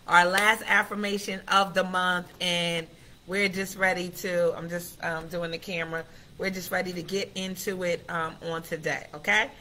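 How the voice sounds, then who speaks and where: A woman hosting a casual live stream, chatty and excitable, talking straight to her viewers. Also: medium pitch. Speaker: host of a live affirmation stream.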